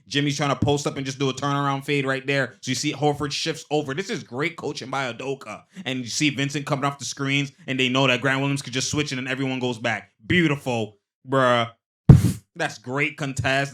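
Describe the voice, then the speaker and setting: A man talks through basketball replays in a loose, slang-heavy way, laughing often as he points out plays. His voice sits in an ordinary middle pitch. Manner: excitable, slangy, laughs often between remarks. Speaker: host. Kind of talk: casual basketball replay breakdown.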